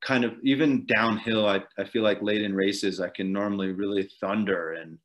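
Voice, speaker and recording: A man's voice: on the low side, fairly even intonation, moderate pace. A man being interviewed on a podcast, recounting a long race in a loose, rambling way with frequent chuckles and fillers. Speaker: podcast guest, ultrarunner. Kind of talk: casual storytelling interview.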